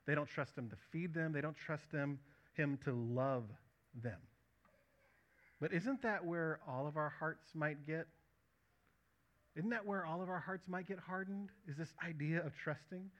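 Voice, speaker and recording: A man preaching a sermon as pastor, emphatic, asking the congregation questions and dropping soft at the ends of phrases. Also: a little high, measured pace.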